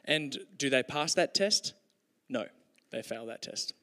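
A man's voice: mid-range voice, animated, a little slow, sharp tone. A man giving a conversational, humorous sermon with storytelling, with hesitations, in a hall with long reverb. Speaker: preacher.

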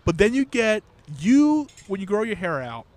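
A man co-hosting a casual chat, talking in a rambling, animated way, swearing and laughing loudly. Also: high-pitched, normal speed. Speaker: podcast co-host. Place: New York City.

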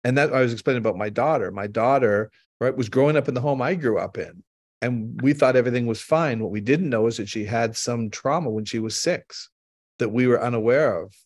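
A man's voice: medium pitch, darkish tone, no echo, studio quality. A man hosting a podcast, explaining things earnestly through personal stories. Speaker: podcast host. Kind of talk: conversational storytelling.

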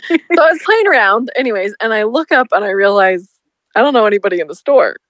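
A young woman chats on a podcast, her pitch leaping all over as she tells stories and laughs freely. The recording is close and dry. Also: quick pace, no echo. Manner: animated storyteller, laughs often. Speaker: podcast co-host. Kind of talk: casual chat.

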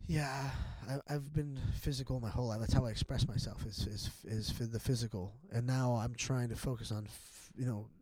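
A man's voice: medium pitch, steady tone, fairly quick, hardly any pauses, darkish tone. A middle-aged man talking as a podcast guest in a candid, casual chat, rambling and profane, with many restarts and fillers.

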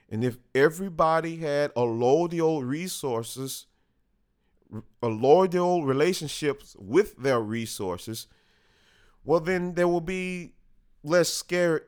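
Slow, deliberate man. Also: on the high side. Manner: slow and deliberate, with restarts and small self-corrections. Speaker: host. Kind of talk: unscripted monologue talk.

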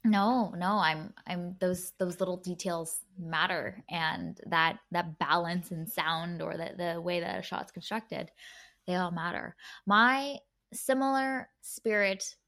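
A woman co-hosting a film podcast in a casual, animated voice. She often acts out her own reactions and restarts her sentences as she goes. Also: on the low side, takes it slowly. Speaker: podcast co-host. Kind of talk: casual film review chat.

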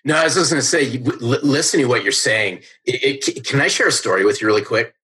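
A man's voice: medium pitch, fast, bright, forceful tone, breathy edge, rough recording. A middle-aged man, a sales coach guest on a podcast, telling stories with energy and emphasis and often asking "right?". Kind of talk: podcast interview storytelling.

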